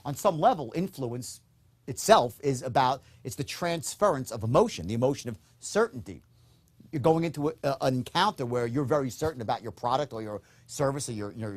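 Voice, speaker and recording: Man, sales trainer, emphatic lecture delivery, mid-pitched voice, frequent "okay?" check-ins. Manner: acts out upbeat and dull tones in demonstrations. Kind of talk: recorded sales course lecture.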